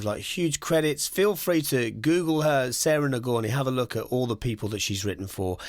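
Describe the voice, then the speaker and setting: A man's voice: mid-range voice, no echo, clean studio sound. A man hosting a podcast, talking in an enthusiastic, conversational way with plenty of casual fillers. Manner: enthusiastic, conversational, many "you know"s. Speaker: podcast host. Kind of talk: podcast monologue.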